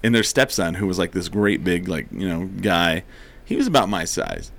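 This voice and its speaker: A man with a fairly low voice tells a rowdy story in casual chat. He swears freely and laughs often, and he acts out the other people's lines as he goes. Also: animated, normal speed, creaky, fairly bright tone.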